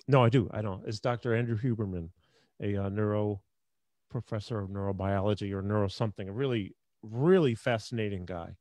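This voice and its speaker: A man's voice: lowish voice, a little fast, darkish tone, no echo. A middle-aged man hosting an interview, chatty and prone to digressions. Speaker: podcast host. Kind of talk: casual interview talk.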